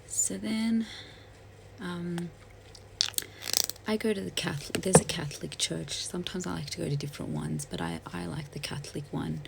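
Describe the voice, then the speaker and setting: A woman telling a story while doing her makeup, soft-spoken and hesitant, with many fillers and restarts. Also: fairly low pitch, expressive, normal speed, vocal fry, heavy background noise. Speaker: beauty vlogger. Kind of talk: get-ready-with-me storytelling.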